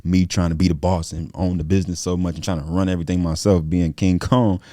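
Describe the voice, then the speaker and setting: A man's voice: low-pitched, flat delivery, quick pace, dark tone, no echo, studio quality. A man appearing as a guest entrepreneur in a podcast interview, speaking earnestly and repeating his points to drive them home.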